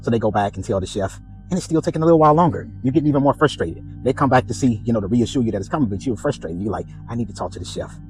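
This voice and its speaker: A man's voice: medium pitch, very fast, few pauses, soft background music, poor audio. A man hosting a casual spiritual reflection, telling a story and acting out the voices in it. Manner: animated storytelling, acts out dialogue. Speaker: podcast host.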